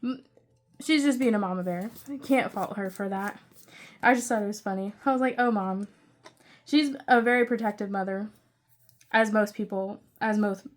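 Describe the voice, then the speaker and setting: A young woman chatting casually through her budget, rambling with excitable asides. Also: on the high side. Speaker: budgeting channel creator.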